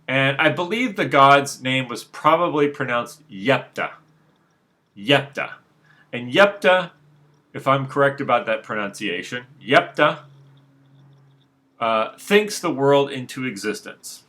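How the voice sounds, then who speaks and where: Bright-voiced man rambling on spirituality. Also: medium pitch, lively intonation, a little slow. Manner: rambling, many restarts and fillers; frank, unbothered. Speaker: speaker on spirituality. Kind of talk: unscripted monologue.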